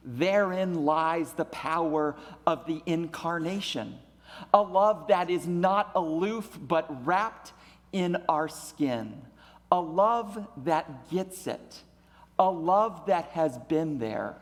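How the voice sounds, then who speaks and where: A male pastor delivers his sermon in a high, light voice, taking his time over every phrase. He builds on repetition with a deliberate preaching cadence, and his words ring out with the long reverb of a church sanctuary.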